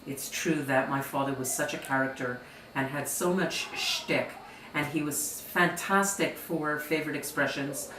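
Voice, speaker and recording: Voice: mid-range voice, a little slow, pushed and bright, slight background noise. Amused speaker recalling old sayings, distant. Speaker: interviewee. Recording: roomy, distant mic.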